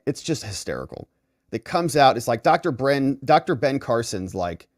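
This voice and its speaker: A man's voice: mid-range voice, darkish tone, dry recording, clean studio sound. A man hosting a legal commentary stream, sarcastic and mocking, acting out quotes from the people he discusses. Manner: sarcastic, mocking, acts out quotes in shifting voices. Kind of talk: livestream commentary.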